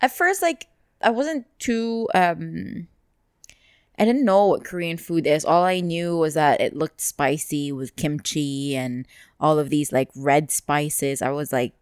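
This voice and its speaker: A woman's voice: sits low, takes it slowly, a little mellow, clean tone, no echo, studio quality. A woman co-hosting a podcast in casual chat, with many fillers and restarts. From Philippines. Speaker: podcast co-host.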